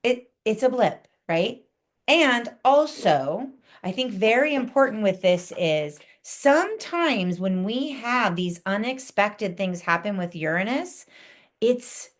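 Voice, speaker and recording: Woman, astrologer guest; casual, conversational podcast read, animated asides. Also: medium pitch, slow. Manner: chatty, acts out quoted reactions.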